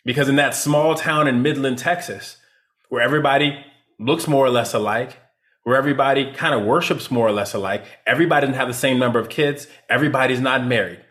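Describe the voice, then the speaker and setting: A man's voice: medium pitch, fast talker, a bit bright. Emphatic man speaking as a guest. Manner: emphatic, rhetorical "right?" tags. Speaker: leadership consultant guest. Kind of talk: interview answers.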